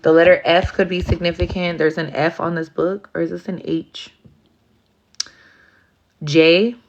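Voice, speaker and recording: A woman reads tarot in a loose, casual way, with blunt, profane talk. Her voice sits low for a woman. The sound is muffled and lo-fi. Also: fairly even intonation, a little slow, a little hiss or hum. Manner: profane, blunt, acts out rowdy asides. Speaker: tarot reader. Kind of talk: casual livestream tarot reading.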